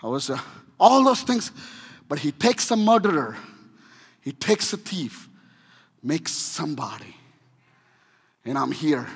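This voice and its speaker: A man with an Indian accent preaching a sermon, swinging between shouting and hushed delivery, with humorous asides. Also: a little high, very animated, unhurried, long pauses, slightly rough. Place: church sanctuary. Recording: long reverb of a church hall.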